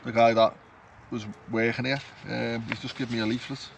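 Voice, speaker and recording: Casual dude rambling to camera outside, noisy campsite with cars going by. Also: male voice, medium pitch, flat delivery, brisk, vocal fry. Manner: rambling, chatty, self-mocking. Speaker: vlogger. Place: campsite outdoors. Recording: outdoor noise, passing traffic.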